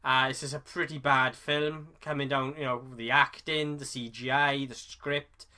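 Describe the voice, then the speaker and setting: Bright-voiced man rambling through a review. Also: medium pitch, level tone, moderate pace, smooth. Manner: rambling, self-correcting, with many fillers. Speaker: film reviewer. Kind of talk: casual spoken movie review.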